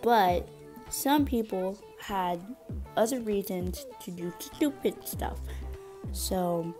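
A woman's voice: medium pitch, lively intonation, takes it slowly, dark tone, soft background music. A woman chatting casually through a game review, talking around something in her mouth from her braces and often stopping to correct herself. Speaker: gaming video creator.

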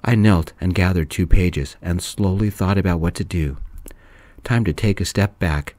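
Soft-spoken deep-voiced male storyteller. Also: moderate pace, no room sound.

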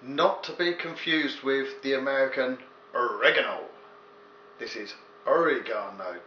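With a medium-pitched, sharp-toned voice, an Englishman cooks at home at a measured pace, keeping things casual and jokey. He keeps drifting into rambling asides to the viewer. The audio has a dull, echoey, lo-fi quality and a faint hiss.

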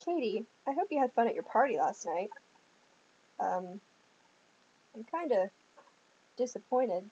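A woman's voice: on the high side, very animated, a little slow, dark tone, muffled recording, slight background noise. A teenage girl with a Southern US accent, rambling casually on her vlog with lots of ums and giggles. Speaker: vlogger. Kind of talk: casual chat.

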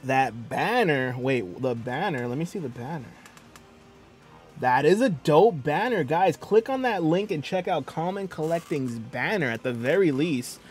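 A man's voice: fairly high pitch, animated, unhurried, faint music behind. A young man streaming a video game, chatting playfully and joking with his viewers. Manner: playful, jokey, talks to chat. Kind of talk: casual live-stream chat.

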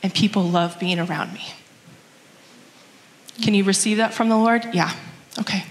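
A woman's voice: medium pitch, fairly even intonation, moderate pace. A woman telling a church gathering, in an earnest and reflective way, how prayer changed her as a mother, reading scripture aloud. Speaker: mother sharing a testimony. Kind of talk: church testimony talk. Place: church hall. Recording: echoey hall, long reverb.

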